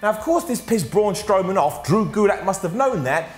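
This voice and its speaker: A British man recaps a show with a sarcastic, joking delivery, his voice a little high and swinging widely in pitch. The room is echoey, with faint music underneath. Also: lively intonation, normal speed. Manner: sarcastic, jokey, full of acted quotes. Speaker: wrestling show reviewer.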